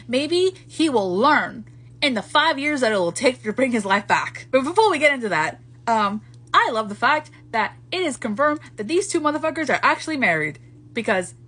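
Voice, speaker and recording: A woman in a casual book review, talking in an animated, profane rant. Her voice sits a little high and has a husky, breathy edge.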